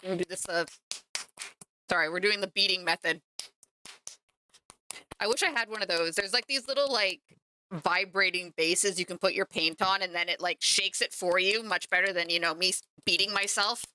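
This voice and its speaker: A woman's voice: lowish voice, normal speed, pushed and bright, a little hiss or hum. A woman streaming live while painting miniatures, chatting to viewers in a self-mocking way. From Canada. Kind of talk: casual livestream chat.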